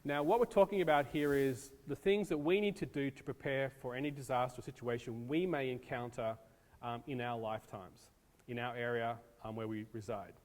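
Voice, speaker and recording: A man's voice: mid-range voice, steady tone, moderate pace, darkish tone. A man giving a casual lecture on disaster preparedness to an audience, with many ums, from the United States. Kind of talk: classroom lecture. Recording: long reverb in a hall.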